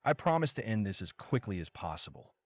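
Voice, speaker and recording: A man's voice: fairly low pitch, sing-song, brisk, a little mellow, no echo. Carlyle, a firm protective prince, read by a man. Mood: concerned.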